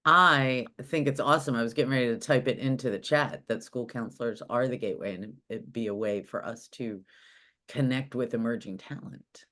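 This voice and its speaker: A woman's voice: a bass voice, moderate pace, bright, forceful tone. A woman hosting a video call, replying with enthusiasm and agreeing with the speaker. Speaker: host.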